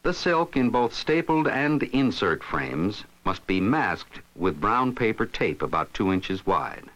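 This instructional film is voiced by a somewhat low-pitched man who reads from a script and works through each step methodically. His intonation is animated, climbing and dipping, while he speaks slowly on a lo-fi recording.

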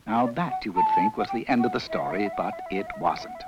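A man narrating a children's storybook in a playful, expressive way. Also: medium pitch, normal speed. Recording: dull lo-fi recording with loud music.

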